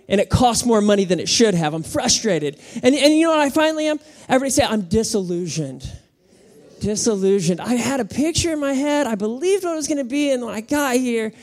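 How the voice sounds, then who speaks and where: Woman, pastor, sermon, animated, call-and-response with congregation. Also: on the high side. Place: church auditorium with congregation.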